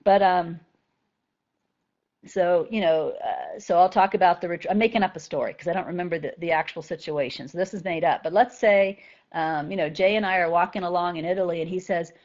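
A woman teaches a group in a relaxed, conversational way. She keeps checking in with her listeners and gets animated when she makes her points. The recording sounds a little dull and lo-fi. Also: fairly low pitch, fairly quick. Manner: conversational, often asks "right?". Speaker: spiritual teacher. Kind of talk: talk to a group of students.

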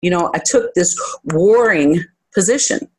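A spiritual teacher giving a reflective talk to a group, speaking candidly about their own experience and often pausing to search for the next thought. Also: mid-range voice, a little mellow, slightly rough. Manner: candid and self-reflective, with light self-deprecating humor.

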